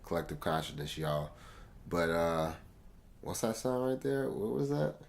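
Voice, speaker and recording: A man's voice: low voice, big pitch swings, measured pace, vocal fry, slight background noise. A man casually reviewing an album track by track, talking in slangy, laid-back fashion straight to his viewers. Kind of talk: casual music review commentary. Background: faint music.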